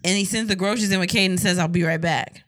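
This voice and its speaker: A woman telling a story in casual chat, animated and profane, acting out quotes. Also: on the low side, very fast, no room sound.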